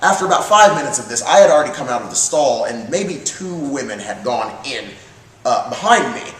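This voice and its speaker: Brash, lively-voiced male co-host. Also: mid-range voice, fairly quick. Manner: brash, profane, rambling storyteller. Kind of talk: casual comedic chat. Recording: roomy, distant mic, light hiss.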